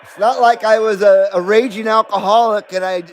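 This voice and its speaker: A middle-aged man with a fairly high voice rambles casually through a live radio stream. He talks in a loose, laid-back way and swears freely. A faint hum sits behind him. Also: steady tone, moderate pace, poor audio. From Nevada, US. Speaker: CB radio livestream host.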